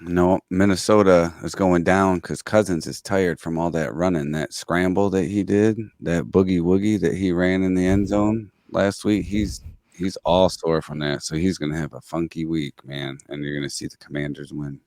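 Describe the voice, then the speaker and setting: A man's voice: deep voice, fairly even intonation, normal speed, a little mellow, no echo, studio quality. A man co-hosting a casual sports picks chat, joking around and making playful trash talk about the players. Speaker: co-host.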